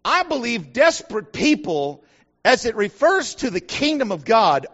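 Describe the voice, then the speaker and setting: Middle-aged man, very high voice, folksy preacher telling stories, dull lo-fi recording. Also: big pitch swings, measured pace, a bit bright. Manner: folksy storyteller, acts out quotes. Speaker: pastor. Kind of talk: sermon with personal story. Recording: dull lo-fi sound.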